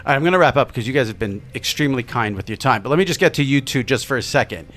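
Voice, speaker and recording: A man hosting a casual interview, asking quick questions and pushing back on his guests' answers. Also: mid-range voice, expressive, a bit bright. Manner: brisk, pushes back on guests.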